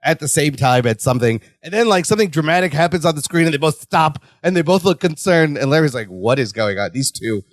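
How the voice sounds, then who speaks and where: This fairly high-pitched man co-hosts a podcast, casually walking through a sitcom episode and performing the characters' lines in rapid, lively voices. The studio-quality audio has no echo.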